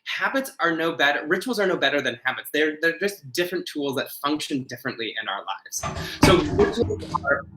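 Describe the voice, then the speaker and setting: A man's voice: on the high side, lively intonation, brisk, very noisy. A man who is a podcast guest, earnestly explaining ideas and often restarting his phrases. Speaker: podcast guest, ritual designer.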